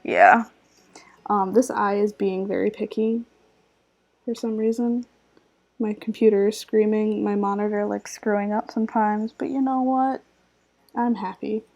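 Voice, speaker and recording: Groggy, creaky-voiced woman streamer. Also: mid-range voice, normal speed. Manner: relaxed and chatty, often laughing and trailing off while focused on drawing. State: slightly scratchy, groggy voice. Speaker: art streamer. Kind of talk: casual chat while drawing on a live stream.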